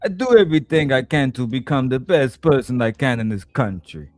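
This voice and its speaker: A man's voice: medium pitch, expressive, fairly quick, soft background music, lightly acted. A man mocking a Russian immigrant woman in a put-on Russian accent, speaking in broken English. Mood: mocking earnest. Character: mock Russian immigrant woman, earnest and loud.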